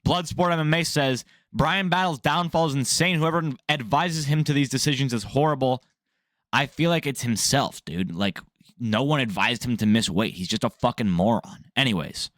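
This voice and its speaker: In a dry, clean studio recording, a young man with a mid-range voice runs an MMA news channel at a moderate pace. His commentary is a casual, animated rant: blunt, profane, and full of opinions.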